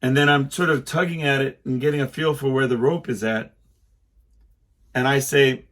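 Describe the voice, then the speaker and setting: A middle-aged man hosts a podcast, delivering a casual monologue about a rambling personal story, interrupting himself and acting out quotes. His medium-pitched voice has vocal fry and a bit of brightness, at a normal speed.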